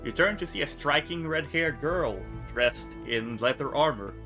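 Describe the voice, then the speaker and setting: A man streaming himself reading a video game's narration aloud, steady and plain, with casual asides. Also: on the high side, moderate pace, music in the background.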